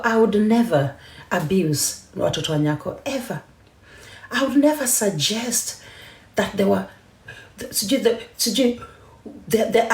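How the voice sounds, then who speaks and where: A woman's voice: medium pitch, echoey room. A woman from Kenya hosting a live stream, talking emphatically and defiantly, mixing English and Swahili. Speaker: TikTok live host. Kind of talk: heated live-stream rant.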